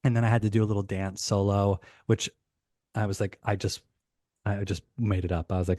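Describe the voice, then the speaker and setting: A man, a podcast guest, telling an animated story in casual talk, rushing and restarting his sentences. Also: lowish voice, no room sound, studio quality. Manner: animated, rushed retelling with many restarts.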